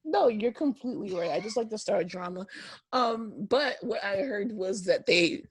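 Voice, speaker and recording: A woman's voice: mid-range voice, animated, normal speed, breathy edge, no echo. A young woman co-hosting a podcast, gossiping in a casual chat and laughing often. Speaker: podcast co-host.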